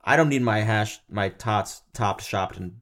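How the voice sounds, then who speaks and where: A man's voice: fairly low pitch, unhurried, fairly bright tone. A young man co-hosting a podcast, joking around and rambling in casual chat, laughing often. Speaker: podcast co-host.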